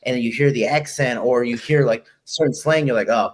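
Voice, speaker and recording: A young man from Chicago talks casually as an interview guest. His voice sits at a middle pitch, and he tells stories quickly and with animation, slipping into the voices of the people he quotes. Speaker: guest fighter.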